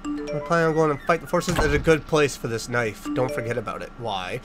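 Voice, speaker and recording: A man hosting a casual let's-play, joking sarcastically and blurting loud startled reactions. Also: medium pitch, brisk, music in the background. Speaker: gaming channel host.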